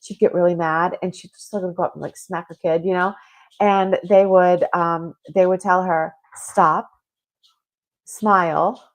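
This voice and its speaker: A woman's voice: fairly low pitch, darkish tone. A woman hosting a spiritual talk show, chatting casually and reading listener comments aloud with lots of fillers. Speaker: podcast host.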